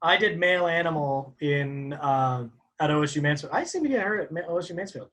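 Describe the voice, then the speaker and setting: A man, a stage actor, telling a theater story in casual chat with lively reactions and laughter. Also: a little high, brisk. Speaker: podcast co-host and stage actor.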